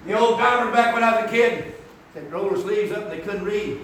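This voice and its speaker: A man preaching a rambling, folksy sermon that climbs into shouts. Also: high voice, fairly quick, a little hiss or hum. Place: church. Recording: echoey hall from far off.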